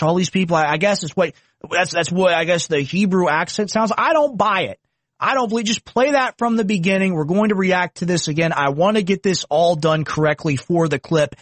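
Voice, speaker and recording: A man's voice: high-pitched, brisk, dry recording. A young man commenting on video clips, indignant and mocking. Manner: indignant, mocking, puts on silly voices. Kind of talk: political commentary.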